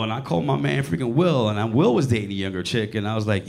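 A man in his late forties doing a crude, animated stand-up set in a comedy club, bantering with the audience. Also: medium pitch, fast talker, vocal fry, few pauses. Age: 40s.

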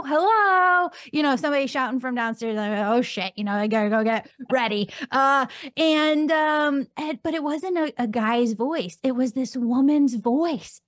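A woman's voice: sits high, dry recording, studio quality. A woman hosting a podcast, telling a personal story in a chatty way with lots of ums and likes. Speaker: podcast host. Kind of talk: casual podcast conversation.

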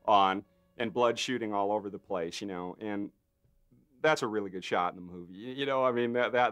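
A man in an interview, a special effects artist telling a behind-the-scenes story with lots of fillers and acted-out voices. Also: on the low side. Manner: animated storyteller, acts out others' lines with lots of fillers. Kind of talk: anecdotal interview.

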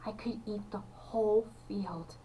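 A woman voicing an old grandfather who talks in a soft, gleeful way in a storybook read-aloud. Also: mid-range voice, steady tone, unhurried, recorded from a distance, a little hiss or hum, natural voice, rough recording.

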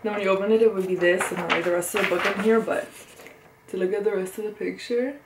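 A woman's voice: mid-range voice, quick pace. A young woman with a cold, sniffling, chatting casually and gushing with sudden squeals while unboxing an album. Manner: excitable, gushing, often confused, with sudden squeals and gasps. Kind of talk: casual unboxing chat to camera. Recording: echoey room, faint background noise.

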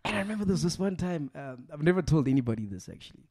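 Animated man telling stories. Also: a little high, rapid-fire, background noise. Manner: animated, swears freely, acts out voices. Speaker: podcast host. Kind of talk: casual storytelling chat.

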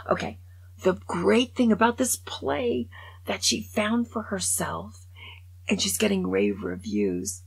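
A woman over 65, vlogging in a chatty, animated way as she comments on stories, and often drops to a whisper. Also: fairly low pitch. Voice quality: gravelly and raspy. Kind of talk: casual monologue commenting on news stories.

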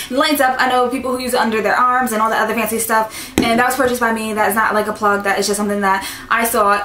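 A woman's voice: fairly high pitch, a bit bright. A young woman vlogging about beauty in a rambling, repetitive chat full of fillers. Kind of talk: casual chat. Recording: roomy echo, faint music.

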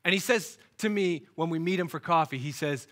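A man's voice: on the high side, brisk, a bit bright. A man preaching a sermon in a storytelling way, acting out the people in his stories as he goes. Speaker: guest speaker. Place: church, recorded for online worship.

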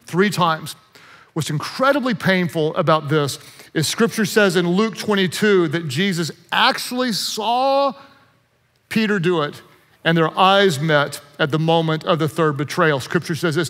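High-voiced pastor preaching in a hall. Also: male voice, unhurried. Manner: animated storyteller, joking asides. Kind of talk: sermon.

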